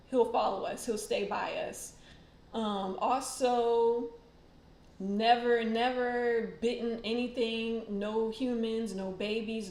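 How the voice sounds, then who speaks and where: A woman's voice: medium pitch, darkish tone, roomy sound, slight background noise. A woman hosting a casual livestream, chatting. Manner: chatty, rambling, many fillers and laughs. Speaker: tarot channel host.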